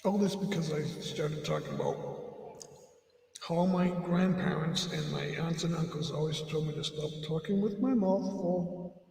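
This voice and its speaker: Casual stream host, middle-aged man, chews while talking, lively pitch, distant echoey room. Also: normal speed, creaky, a little hiss or hum. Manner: rambling, talking while chewing. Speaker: livestream host. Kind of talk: casual rambling livestream chat.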